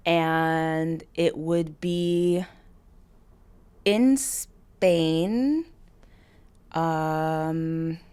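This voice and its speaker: Laid-back woman, somewhat low voice. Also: drawn-out words, long pauses, mellow, clear, resonant tone. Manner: laid-back, laughs often, answers short. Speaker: guest, pro cyclist. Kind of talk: casual podcast chat.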